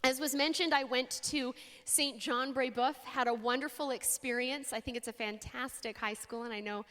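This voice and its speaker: A young woman from Canada giving a faith talk to an audience, an expressive storyteller with dramatic pauses. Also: sits high. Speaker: speaker. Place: large hall. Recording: long hall reverb.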